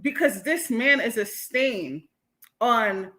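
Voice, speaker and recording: A woman's voice: a little high, lively intonation, slow, fairly bright tone. A woman hosting a livestream commentary, talking bluntly and heatedly to her chat, with frequent profanity. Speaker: host.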